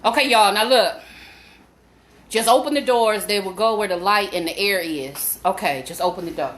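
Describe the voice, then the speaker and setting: A woman vlogging from her home, loud, laughing and cursing in a frantic panic. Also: mid-range voice, normal speed, reverberant. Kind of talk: panicked live vlog to viewers. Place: home indoors.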